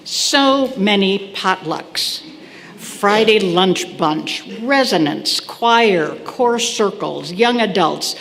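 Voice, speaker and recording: A woman volunteer giving a friendly, measured announcement during a church service. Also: mid-range voice, expressive, gravelly, a bit bright, a little hiss or hum. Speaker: congregation volunteer making announcements. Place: church sanctuary. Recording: long hall reverb with faint ambience.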